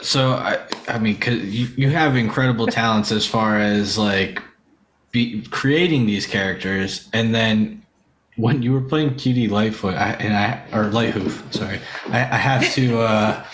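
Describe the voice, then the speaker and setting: A man with a fairly low voice hosts a relaxed podcast conversation. He's animated, laughs easily and often restarts his sentences. The sound is echoey, with faint clicking underneath. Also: unhurried, a little hiss or hum. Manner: animated, laughs often, stumbles and repeats words. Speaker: podcast host. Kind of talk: casual chat.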